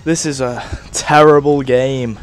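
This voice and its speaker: Rambling young gamer on a headset. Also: male voice, medium pitch, fairly even intonation, slow pace, soft background music. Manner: rambling, filler-heavy, bursts into rage shouts. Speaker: gaming video host. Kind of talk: casual let's-play commentary.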